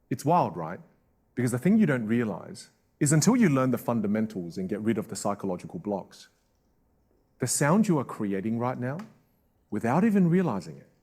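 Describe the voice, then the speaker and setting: A man from Australia, a public speaking coach leading a live online class in an emphatic, energetic way. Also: mid-range voice.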